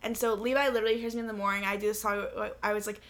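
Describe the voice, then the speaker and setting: A woman's voice: mid-range voice, rapid-fire. A young woman hosting a podcast, chatting casually in a playful, jokey way. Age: young adult. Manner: playful, animated, jokey asides. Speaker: podcast host. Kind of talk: casual chat.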